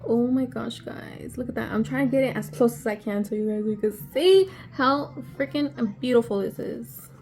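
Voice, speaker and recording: A woman vlogger unboxing on camera, excitable and gushing, gasping often and sometimes dropping to a breathy whisper. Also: on the high side, normal speed, hardly any pauses, faint music behind. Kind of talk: casual unboxing vlog.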